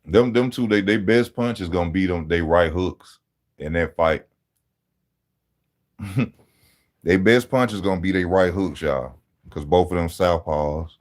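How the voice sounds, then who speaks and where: Animated, slangy man with a low voice. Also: a little slow, pauses often. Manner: animated, slangy, laughs often. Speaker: boxing channel host reading live chat. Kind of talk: casual live-stream commentary.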